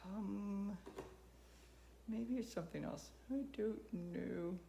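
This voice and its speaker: Slow and creaky with a dark tone, this woman's mid-range voice comes through with a roomy sound. As a sewing channel host, she's running a casual home tutorial and chatting to her dog as she works.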